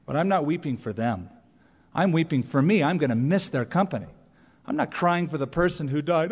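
A man preaching a sermon as pastor, animated, with playful asides and mock voices. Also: a little high, normal speed, breathy edge. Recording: long church reverb.

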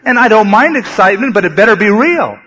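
A male pastor preaching a sermon in a conversational way that sometimes turns animated. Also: high voice, quick pace, slightly rough. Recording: dull lo-fi sermon recording.

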